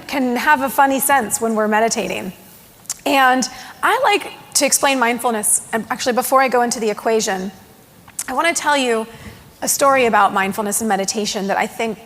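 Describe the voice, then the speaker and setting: Woman giving a keynote, husky and a bit gravelly, higher voice, big echoey hall. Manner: animated storytelling with acted quotes. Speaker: mindfulness speaker. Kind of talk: conference keynote talk. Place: large hall with an audience. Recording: long hall reverb.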